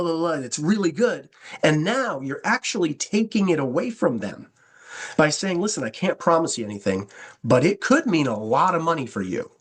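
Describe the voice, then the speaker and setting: Animated man coaching recruiters. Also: a little high, breathy edge. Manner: animated, acts out both sides of phone calls. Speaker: network marketing trainer. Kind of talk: coaching talk with sample scripts.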